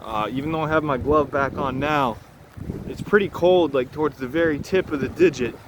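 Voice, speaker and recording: A man's voice: a little high, normal speed. Profane, joking Boston man outdoors. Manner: profane, joking, rambling street talk. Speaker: vlogger. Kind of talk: casual vlog commentary. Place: outdoors in a snowy city street. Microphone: handheld camera. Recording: outdoor street noise on a handheld camera.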